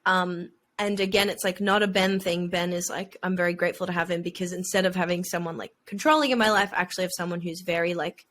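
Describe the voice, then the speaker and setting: A woman's voice: lowish voice, fairly even intonation, fast talker, few pauses, fairly bright tone. A woman, co-hosting a podcast in a chatty, casual way with lots of "like" fillers. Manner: chatty, frequent "like" fillers, bursts of laughter. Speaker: podcast co-host. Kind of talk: casual chat.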